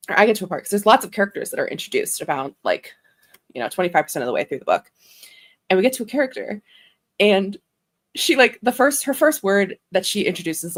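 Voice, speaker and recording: A young woman hosting a casual chat stream, rambling in a chatty way and laughing often. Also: medium pitch. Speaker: author and livestream host.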